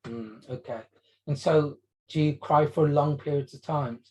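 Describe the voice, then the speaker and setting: A man playing a calm, gentle GP. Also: a little high, a little slow, husky, highs cut off. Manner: gentle, reassuring, questioning. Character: calm, patient GP doctor consulting. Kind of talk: role-play demonstration.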